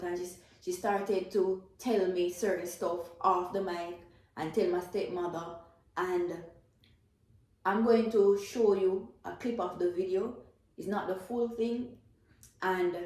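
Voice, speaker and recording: A believer's testimony, spoken with earnest feeling and repetition by a Jamaican-accented woman with a mid-range, slightly mellow voice. The room is very echoey.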